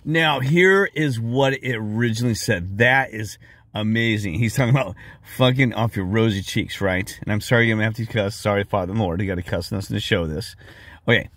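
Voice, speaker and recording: A man hosting a video, talking excitedly and repeating himself as he comments on a clip. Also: on the low side, brisk, no room sound. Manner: excitable, repetitive, with frequent restarts. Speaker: video host. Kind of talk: casual commentary.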